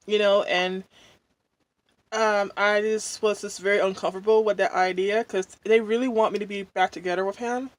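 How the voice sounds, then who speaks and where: A woman's voice: medium pitch, steady tone, moderate pace. Rambling woman venting between bites. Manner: rambling, venting, with many fillers and mouthful hums. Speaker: mukbang vlogger. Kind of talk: casual chat while eating.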